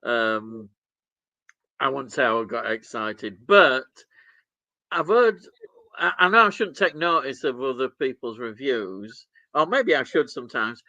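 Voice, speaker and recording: A man's voice: medium pitch, animated, unhurried, sharp tone, no room sound. A man, co-hosting a live stream, chuckling as he reads out chat messages. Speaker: stream co-host reading chat. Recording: dull, dry sound.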